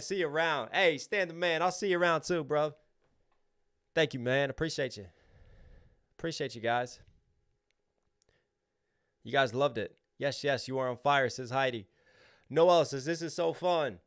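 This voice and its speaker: Upbeat man reading out viewer shoutouts. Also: on the high side, unhurried, long pauses, clean tone. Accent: American. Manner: reads out viewer names and donations, upbeat. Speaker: rapper hosting a livestream. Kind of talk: casual livestream chat.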